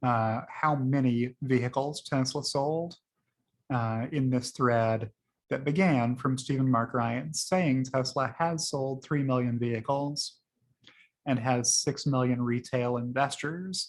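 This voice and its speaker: A man casually talking through the tweets he liked that week, chatty and rambling, with frequent fillers. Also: mid-range voice. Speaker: host reviewing liked tweets. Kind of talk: casual screen-share commentary.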